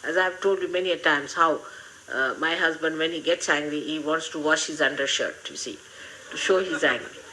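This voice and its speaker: An older woman, giving a gently humorous, motherly spiritual talk to her followers. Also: low-pitched, a little fast, low-quality recording. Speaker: spiritual teacher.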